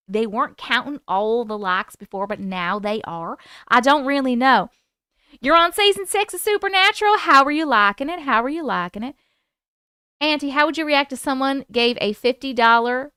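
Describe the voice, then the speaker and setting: A woman's voice: high voice, bright, forceful tone, clean tone, dry recording, clean studio sound. A young woman hosting a livestream, chatting casually and giggling as she reads out viewer comments. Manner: chatty, giggly, quickly distracted. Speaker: livestream host.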